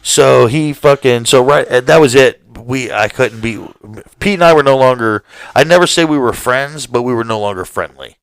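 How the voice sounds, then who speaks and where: A man tells a long, meandering story on a casual podcast, cursing freely and laughing at his own tale. His voice sits at a middling pitch. The sound is dry and close to the mic, with no room echo. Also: moderate pace, smooth. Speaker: podcast co-host.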